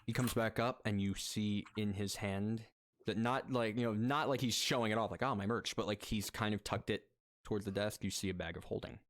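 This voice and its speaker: A man's voice: lowish voice, fairly quick, dry recording. A man narrating as game master, talking loosely with many fillers and restarts.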